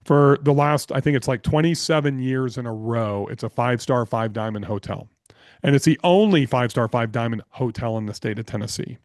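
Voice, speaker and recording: A man guesting on a podcast, telling business stories in an energetic, blunt way and swearing freely. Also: medium pitch, brisk, dry recording, clean studio sound. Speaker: podcast guest, real estate investor. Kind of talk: casual interview storytelling.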